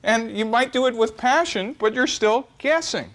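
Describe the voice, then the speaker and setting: A middle-aged man giving a live lecture on startups to an audience, wry and self-deprecating, with lively swings in pitch. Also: moderate pace. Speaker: speaker giving a startup talk.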